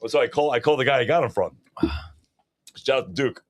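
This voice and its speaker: A man's voice: mid-range voice, lively intonation, quick pace. A man co-hosting a podcast, telling a crude story in casual chat and acting out quotes in a raised voice. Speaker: podcast co-host.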